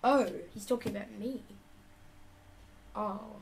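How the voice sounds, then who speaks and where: A woman's voice: mid-range voice, fairly even intonation, takes it slowly, background noise. A young woman casually reading typed chat lines aloud and adding chatty asides to the camera. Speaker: YouTuber playing a chat game. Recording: loud background music.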